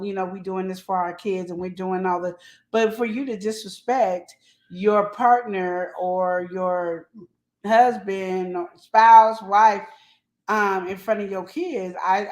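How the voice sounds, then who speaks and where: An outspoken woman co-hosting a relationship-advice podcast, blunt and firm in her opinions. Her voice sits at a middle pitch. The room around her is echoey. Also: a little slow. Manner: outspoken, animated, goes off in a heated rant. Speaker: co-host. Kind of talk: casual podcast chat. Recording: roomy echo.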